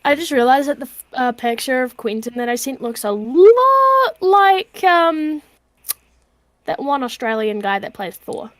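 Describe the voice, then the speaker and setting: A woman's voice: sits high, big pitch swings, a little slow, fairly bright tone, no room sound. Giggly woman player, dry sound. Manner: giggly, playful. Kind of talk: casual tabletop game play.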